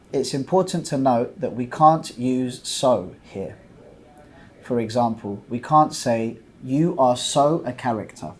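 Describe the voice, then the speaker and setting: A male English teacher walks through a grammar point in a scripted lesson. His voice sits at an ordinary middle pitch, and he speaks very slowly and deliberately. He pauses to set out example after example with patient care. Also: a little mellow. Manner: slow, deliberate, patient explaining with many examples.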